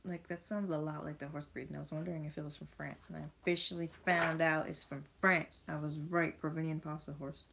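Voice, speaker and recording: A woman's voice: low-pitched, flat delivery, fairly quick, gravelly, hardly any pauses, fairly bright tone, slight background noise. A young woman chatting casually as she unboxes toy horses, rambling and reading bits of text aloud. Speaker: vlogger.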